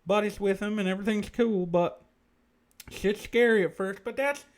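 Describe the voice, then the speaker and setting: A man voicing the ghost of an effeminate Southern man with a lisp, talking in a soft drawl during a comic livestream. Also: high voice, moderate pace, close to an everyday voice. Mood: chatty.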